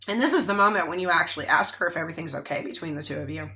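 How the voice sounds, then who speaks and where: A woman's voice: fairly low pitch, fast talker, pauses often, sharp tone. A woman tarot reader giving a casual psychic reading, talking in a rambling, conversational way with frequent check-ins and fillers.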